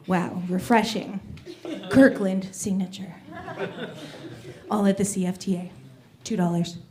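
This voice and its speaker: A woman performing a stand-up comedy set on a club stage, telling animated stories about kids. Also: mid-range voice, slow, pauses often, crowd noise. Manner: animated storytelling, acts out kids' voices.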